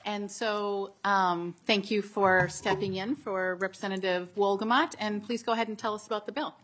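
A woman's voice: medium pitch, steady tone, normal speed, fairly bright tone. A woman chairing a legislative committee hearing, polite and procedural, with many fillers.

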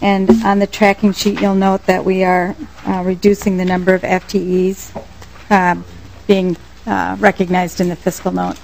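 A woman legislator explains an amendment to the committee. Her delivery is businesslike and notably flat, with little rise and fall. She stays formal throughout. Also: mid-range voice, moderate pace, vocal fry, poor audio. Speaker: committee member, representative.

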